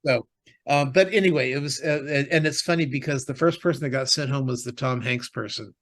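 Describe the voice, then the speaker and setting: A slightly bright, mid-range male voice moves fairly quickly as this podcast co-host talks casually about TV and movies. He tends to ramble, filling gaps with fillers and often starting over.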